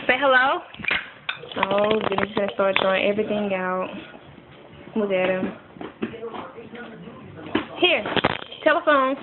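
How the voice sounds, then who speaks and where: A woman's voice: mid-range voice, takes it slowly, long pauses, very noisy. A young mother coaxing her toddler to name animals and say words, making animal sounds, recorded on a phone. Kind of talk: casual baby talk at home. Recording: tinny phone recording with music behind.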